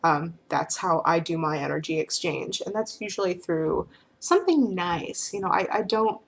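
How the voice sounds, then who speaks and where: A woman's voice: lowish voice, expressive, moderate pace, gravelly. A woman talking casually to the camera, answering questions in a frank, rambling way full of filler phrases.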